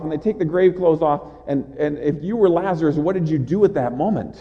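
A man's voice: on the high side, fairly quick, few pauses, dark tone. Man preaching in a reverberant hall. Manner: earnest, with small stammered restarts and rhetorical questions. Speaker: pastor. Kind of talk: sermon. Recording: dull audio with long hall reverb.

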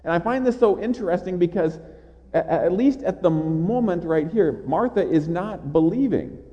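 Impassioned preacher in a reverberant hall. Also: male voice, high voice, lively intonation, normal speed, dark tone. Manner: impassioned, with repeated stammered restarts. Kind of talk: sermon. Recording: dull sound in a large reverberant hall.

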